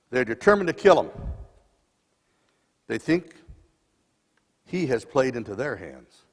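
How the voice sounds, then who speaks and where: Expressive older man preaching dramatically. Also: on the high side. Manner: dramatic storytelling, swings loud and soft. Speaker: lay preacher. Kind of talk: sermon. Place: church sanctuary. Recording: long church reverb.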